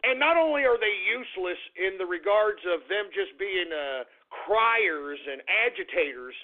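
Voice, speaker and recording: A man's voice: high voice, animated, measured pace. A man hosting a talk radio show, ranting angrily at listeners and repeating himself as he builds up steam. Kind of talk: political talk radio rant. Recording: phone-like lo-fi radio audio.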